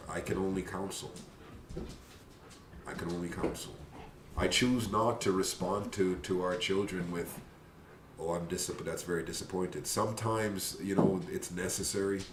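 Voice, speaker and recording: A man, a father of a big family, talking earnestly about parenting, often restarting his sentences. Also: deep voice. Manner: earnest, halting with many restarts. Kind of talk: casual talk show conversation. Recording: roomy and distant with faint noise.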